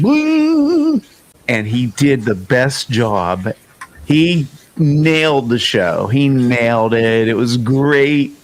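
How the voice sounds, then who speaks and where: Animated male podcast host telling stories. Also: fairly high pitch. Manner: animated storyteller, acts out quoted dialogue. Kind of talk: casual storytelling interview.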